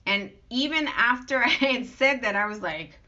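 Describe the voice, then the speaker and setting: Aggrieved woman ranting to camera, sharp bright voice, dull lo-fi sound. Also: fairly high pitch, lively intonation, normal speed. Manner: aggrieved, emphatic, piles up long lists. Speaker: vlogger addressing critics. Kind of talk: unscripted monologue. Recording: dull lo-fi recording.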